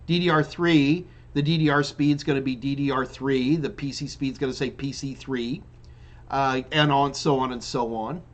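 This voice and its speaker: Yawning repeatedly, an IT trainer runs a live question-and-answer stream, reading out what viewers ask and replying casually, often restarting his sentences. He speaks at a medium pitch and moderate pace with fairly even intonation.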